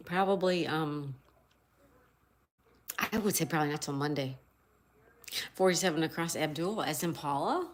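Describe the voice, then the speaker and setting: A woman's voice: deep voice, moderate pace, long pauses. Chatty woman hosting a crossword livestream. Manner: reads chat aloud, greets viewers warmly, spells answers letter by letter. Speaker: livestream host. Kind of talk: casual livestream chat.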